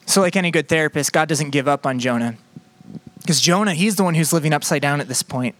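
High-voiced male preacher, dry sound. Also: a bit bright, no room sound. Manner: conversational and playful, swinging between quick asides and slow emphatic phrases. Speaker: pastor. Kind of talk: sermon.

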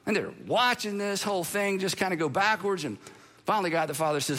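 A man preaching a sermon, telling the story in an animated way with playful humor. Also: high-pitched, a little fast. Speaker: pastor.

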